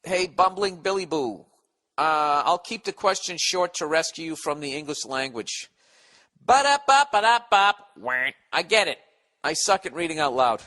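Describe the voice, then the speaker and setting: A man's voice: on the high side, lively intonation, normal speed, sharp tone. A man hosting a podcast, ranting in a casual, profane, sarcastic and rambling way. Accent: Boston. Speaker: podcast host. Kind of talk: casual comedic rant.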